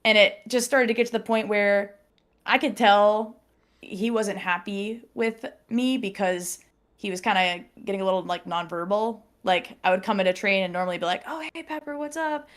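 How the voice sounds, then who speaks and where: A woman telling a personal story in casual podcast chat, animated, laughing often and acting out what people said. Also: medium pitch.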